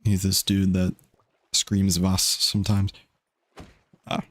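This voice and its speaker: A man's voice: on the low side, moderate pace, a little mellow, no echo. Laid-back young male game streamer. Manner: rambling, laid-back, offhand. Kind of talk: casual gaming stream chat.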